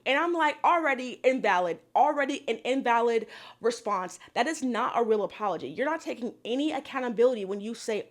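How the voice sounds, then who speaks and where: A woman's voice: sits high, lively intonation, brisk. A young woman giving a sassy, exasperated casual recap of a reality show, with profane asides.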